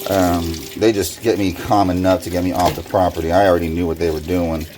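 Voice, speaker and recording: A somewhat low-voiced man vents his frustration while he washes dishes at a kitchen sink. His casual vlog talk turns loud and heated when he recounts arguments. Running water and clattering dishes fill the noisy background. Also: little pitch movement, a little fast. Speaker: vlogger. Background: running water and dish washing.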